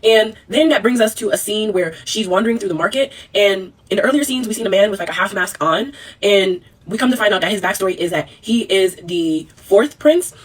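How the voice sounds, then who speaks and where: A young woman rattles through a drama recap at speed, chatty and animated, full of slangy asides. Her voice is husky. It sounds a little distant from the mic. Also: mid-range voice, brisk. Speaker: vlogger. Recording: voice a bit far from mic.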